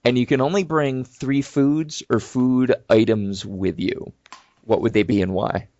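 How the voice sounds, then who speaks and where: A man hosting a podcast, asking questions in a relaxed way with short, affirming replies. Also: medium pitch, a little slow, muffled recording. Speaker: podcast host. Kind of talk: casual podcast interview.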